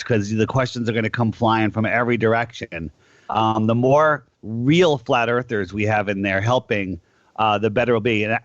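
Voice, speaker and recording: A man's voice: medium pitch, no echo. Guy hosting a call-in radio show, rambly, restarts a lot, dull lo-fi sound, dry. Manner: rambling, restarts often, stretches words out slowly. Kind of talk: casual call-in radio chat.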